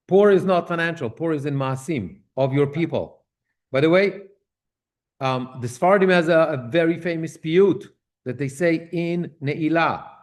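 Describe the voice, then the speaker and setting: A man with a somewhat high voice gives a relaxed, explanatory lecture on prayer to a synagogue class. He works through terms step by step, repeating and restarting phrases, and often checks in with his listeners. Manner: conversational, checks in with "okay?", repeats and restarts while translating terms.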